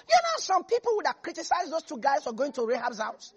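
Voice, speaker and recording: A preacher gives an animated sermon, laughing often and acting out the quotes in the scripture. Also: high voice, fast, a faint crowd.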